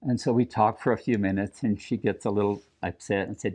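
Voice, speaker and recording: An older man from New Mexico, telling personal family stories at a community event in an earnest, reflective way, pausing and restarting as he speaks. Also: on the low side, fairly even intonation, a little mellow, breathy edge. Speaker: storyteller. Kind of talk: personal storytelling talk.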